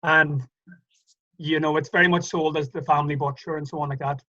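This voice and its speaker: An Irish man tells stories in a loose, chatty way, stopping and restarting his sentences as he goes. His voice is bright and a little high. The audio is muffled and lo-fi, like a remote call. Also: little pitch movement, fairly quick. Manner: chatty, hesitant storyteller with many restarts. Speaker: guest. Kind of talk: casual conversational interview.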